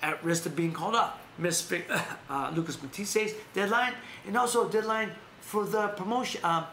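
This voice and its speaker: A man with a high, pushed, bright voice talks at normal speed while hosting a live stream, recorded in an echoey room with slight background noise. Chatting casually about boxing news, he rambles, keeps restarting and correcting himself, and laughs often.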